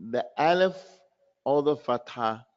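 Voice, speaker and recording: A man teaches recitation in a live online class, drilling sounds repeatedly to work on pronunciation and mixing Arabic terms into his explanations. His mid-range voice is expressive and measured in pace, captured in dull lo-fi online class audio.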